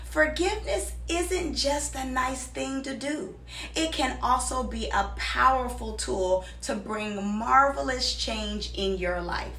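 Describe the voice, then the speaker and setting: A woman's voice: sits high, slow, bright, forceful tone, roomy sound, recorded from a distance. A woman host reading a scripted, encouraging promotional message. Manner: encouraging, motivational. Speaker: show host.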